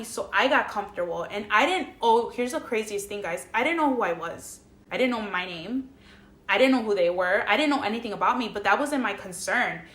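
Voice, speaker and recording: A woman's voice: mid-range voice, fairly bright tone. A young woman vlogger telling a personal story, casual, emotional and full of swearing and fillers. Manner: profane, emotional, lots of fillers. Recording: echoey room.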